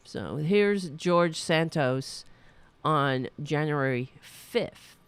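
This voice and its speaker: A woman's voice: sits low, lively intonation, drawn-out words, clear, resonant tone, no room sound. A woman hosting a solo political commentary show, rambling and ranting with indignation. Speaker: podcast host.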